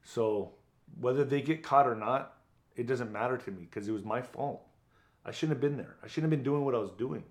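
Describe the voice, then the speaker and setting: A man's voice: medium pitch, fairly quick. A middle-aged man, a former boxer, telling his story bluntly and profanely in an interview, acting out what others said. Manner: blunt, profane, vivid retelling with acted quotes.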